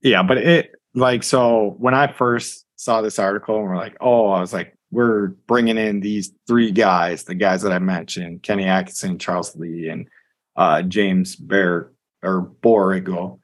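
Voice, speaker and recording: A man with a somewhat low voice chats casually as a podcast co-host. He rambles, piling on fillers and restarting his sentences. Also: steady tone, measured pace. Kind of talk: casual sports chat.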